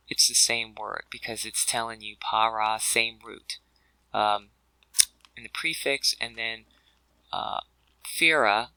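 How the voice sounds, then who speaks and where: Gravelly, sharp-toned man teaching scripture words. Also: medium pitch, no echo, poor audio. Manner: conversational, with many fillers and restarts; addresses listeners as brothers and sisters. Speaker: scripture word-study teacher. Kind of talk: explanatory video lesson.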